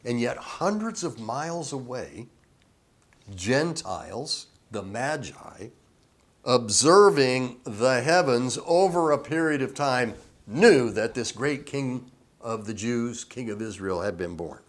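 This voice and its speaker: A man preaching a sermon, teaching slowly and deliberately with emphatic rises on key words. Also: medium pitch, animated. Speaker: pastor.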